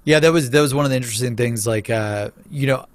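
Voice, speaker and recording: Man, podcast host, mid pitch, eager, halting questions, dry close mic. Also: dry recording. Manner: enthusiastic, quick affirmations, halting restarts. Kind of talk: casual interview chat.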